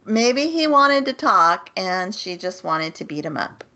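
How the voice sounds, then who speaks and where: A woman's voice: mid-range voice, big pitch swings, a little slow, sharp tone, highs cut off. A woman co-hosting a podcast, chatting casually and giggling often. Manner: giggly, agreeable. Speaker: podcast co-host. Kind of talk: casual chat.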